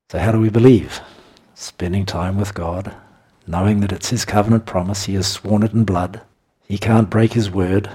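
Husky-voiced man preaching a sermon. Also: fairly low pitch, mellow. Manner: conversational, chuckles between points.

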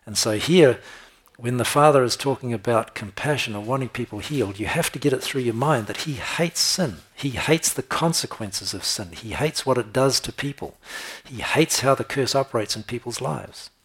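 A man's voice: mid-range voice, normal speed, fairly bright tone, slightly rough. A man preaching a sermon, often checking in with his listeners with "right?" and "okay?".

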